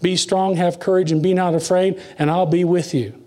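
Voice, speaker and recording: A man delivers a sermon in a fairly high voice. He rises to emphatic lines, then drops to near-whispered asides. He reads scripture slowly and deliberately. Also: fairly even intonation, a little mellow. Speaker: preacher.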